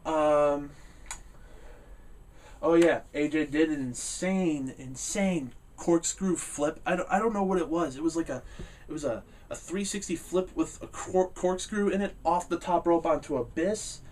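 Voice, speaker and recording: A man talks through a wrestling show in a loose, rambling way, full of "uh" fillers and quick laughs. His voice sits a little high for a man and a little back from the mic. When something annoys him he gets loud and animated. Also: recorded from a distance, slight background noise. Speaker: wrestling reviewer. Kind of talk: casual spoken review.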